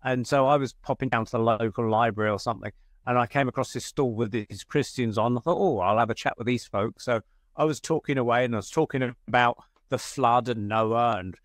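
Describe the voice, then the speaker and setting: A man's voice: medium pitch, fairly even intonation, fairly quick, dry recording. Man, British accent, chatty host, anecdotes, dry close sound. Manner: chatty storyteller, laughs at his own tales. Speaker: podcast host. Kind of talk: casual conversation, anecdote telling.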